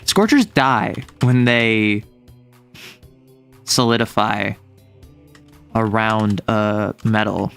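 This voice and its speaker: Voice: medium pitch, animated, takes it slowly, vocal fry, long pauses, a bit bright, clean tone, faint music behind. A young adult streamer chatting casually with chat, playful and teasing, reading messages aloud. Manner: playful, teasing, lots of laughs and mock threats.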